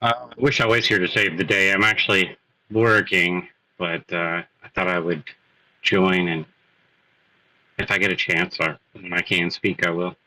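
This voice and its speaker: A man's voice: sits low, steady tone, moderate pace, sharp tone, no room sound, rough recording. A man calling into a live-stream chat from his workplace, making dry, wry remarks. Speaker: guest caller.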